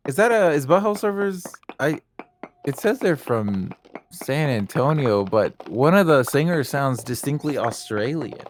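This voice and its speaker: A joking man with a lively, animated voice who swears freely while he chats casually on a game stream. His pitch rises and falls a lot as he riffs. A faint hiss and some clicks sit under his voice. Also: unhurried. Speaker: co-host chatting on stream. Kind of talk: casual chat.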